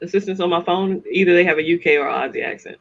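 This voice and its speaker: A woman's voice: fairly low pitch, fast, highs cut off. A woman as a podcast guest in casual chat, amused and chiming in with short reactions.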